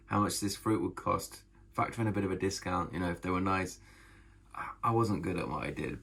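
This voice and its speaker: Guy author chatting to camera, kinda husky and gravelly, gets really fired up and repeats himself. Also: on the low side, a bit bright. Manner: enthusiastic, emphatic, repeats phrases. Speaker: author and vlogger. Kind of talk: casual talk to camera about writing.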